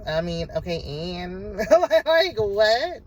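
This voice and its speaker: A woman's voice: mid-range voice, very animated, very slow, a little hiss or hum, poor audio. A woman giving a casual, sassy recap of a reality TV episode, talking back at the cast as she goes. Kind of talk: casual show recap and commentary.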